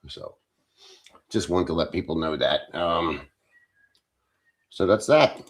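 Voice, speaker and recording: His voice sits low and animated, and he takes his time speaking. A profane, blunt streamer from Philadelphia, USA, he reads through comments in a relaxed livestream chat.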